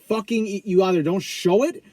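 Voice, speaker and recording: A man's voice: high-pitched, moderate pace, a little mellow, no room sound. A man co-hosting a podcast, giving blunt, profane opinions in casual film-review chat. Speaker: podcast co-host.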